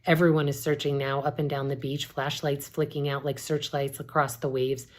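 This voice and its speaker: Low-voiced woman reading a novel aloud. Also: little pitch movement, moderate pace. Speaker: English professor reading aloud.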